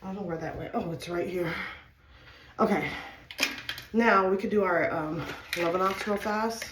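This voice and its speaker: A woman's voice: on the low side, normal speed, background noise. Nervous chatty woman, echoey room. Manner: chatty, nervous, addresses viewers as y'all. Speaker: vlogger. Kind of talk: casual how-to vlog.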